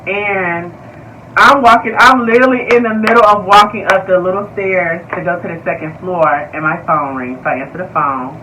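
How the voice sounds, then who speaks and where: A young man tells his story straight to his viewers, animated and slangy, peppered with swearing and y'all. His voice sits high. The mic is a bit far off, with faint noise behind him. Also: normal speed. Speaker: vlogger. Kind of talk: casual storytime vlog.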